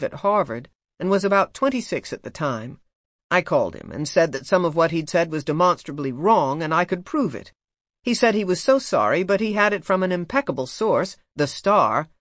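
A man narrates a memoir in a measured, even reading style. His voice sits a little higher than most men's. The sound is close-miked and dry, with no room in it. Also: no echo. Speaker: audiobook narrator.

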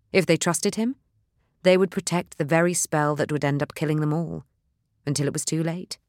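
Steady audiobook narrator, dry sound. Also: medium pitch, no echo. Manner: measured, steady storytelling.

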